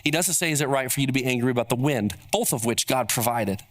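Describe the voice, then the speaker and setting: A man's voice: medium pitch, fast, fairly bright tone. A man preaching a sermon in church as pastor, emphatic and often putting questions to his listeners. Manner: emphatic, asks the audience questions.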